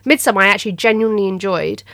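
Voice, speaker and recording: A woman's voice: mid-range voice, very fast, no room sound. A woman, a film journalist guest on a podcast, talking casually in a radio studio and acting out quotes. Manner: lively, acts out quotes, laughs. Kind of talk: casual film review chat. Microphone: studio microphone.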